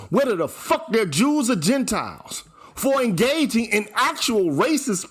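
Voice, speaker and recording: Fiery profane man ranting, lively high voice. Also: measured pace, slightly rough. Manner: fiery, profane, hammering repetition. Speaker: channel host. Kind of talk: ranting commentary vlog.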